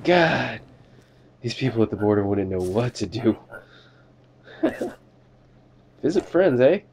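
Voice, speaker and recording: A young man chats through a video game as a border inspector, joking with the characters and swearing now and then. His voice is mellow and relaxed, and he talks at a slow, easy pace. A faint hiss of background noise sits under the recording. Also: medium pitch. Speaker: gamer doing a let's play. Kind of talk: casual game commentary, playing a border inspector.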